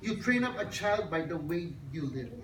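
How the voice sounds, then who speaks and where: A woman's voice: fairly low pitch, animated, moderate pace, a crowd in the background. A woman giving an earnest, sermon-like talk at a child dedication, telling stories to her audience. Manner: earnest, storytelling, addresses audience directly. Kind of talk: sermon-like talk with a joke story. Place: hotel function hall. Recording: echoey hall, distant mic, background noise.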